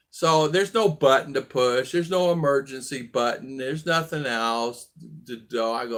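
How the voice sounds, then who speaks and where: A man's voice: fairly high pitch, slow, a bit bright. A man in his sixties casually telling a personal story on his vlog, rambling and restarting his sentences. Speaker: vlog host.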